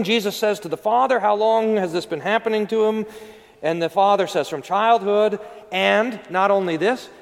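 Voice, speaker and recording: A man preaching a sermon as pastor, telling the story with lively acted-out quotes. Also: sits high, long reverb tail. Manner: storytelling, acting out quoted voices.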